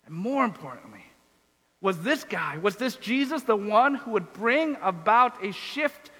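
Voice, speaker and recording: A man's voice: high voice, animated, measured pace, pushed and bright, big-room sound, rough recording. A man giving a reflective sermon, asking questions and repeating phrases. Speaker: preacher.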